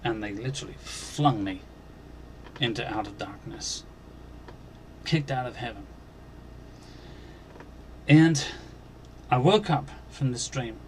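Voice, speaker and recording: A man hosting a Christian channel, earnestly recounting a dream as personal testimony, halting and restarting, and growing emphatic on key points. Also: medium pitch, a little mellow, slight background noise. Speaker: Christian video channel host.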